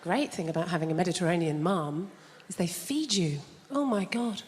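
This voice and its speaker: A woman's voice: lowish voice, moderate pace, in a large hall, noisy background. A woman performing a stand-up routine on a large theatre stage, dry and self-deprecating with hesitant fillers. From England. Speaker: stand-up comedian. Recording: live theatre with a loud audience.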